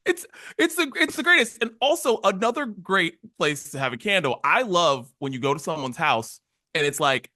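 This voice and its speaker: A man co-hosting a podcast in casual chat, animated, acting out little quoted exchanges as he tells stories. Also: sits high, moderate pace, no echo, studio quality. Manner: animated storytelling with acted-out quotes. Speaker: podcast co-host.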